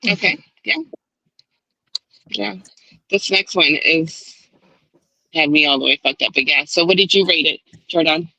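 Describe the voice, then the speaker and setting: Lively, bright-voiced woman host. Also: deep voice, a little slow, pauses often, no room sound, rough recording. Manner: animated retelling, acting out characters' lines, swears casually. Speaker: book club host. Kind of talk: casual chat. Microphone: online stream setup.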